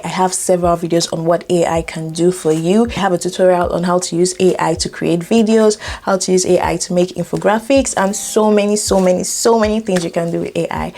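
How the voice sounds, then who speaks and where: A woman's voice: fairly low pitch, darkish tone. A young woman hosting a casual tutorial, playful and jokey, talking straight to viewers. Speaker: tutorial host.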